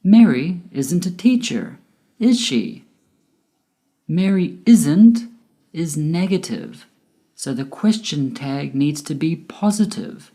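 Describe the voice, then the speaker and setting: A woman giving a scripted English grammar lesson, explaining slowly and carefully with clear enunciation. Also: low-pitched, lively intonation, mellow. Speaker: English teacher.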